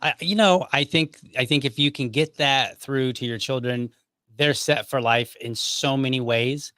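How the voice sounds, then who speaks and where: A man hosting a podcast, talking in a relaxed, chatty way and leaning on filler phrases. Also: mid-range voice, a little slow, no echo, studio quality. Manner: relaxed, chatty, many "you know" fillers. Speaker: podcast host. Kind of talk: casual conversation.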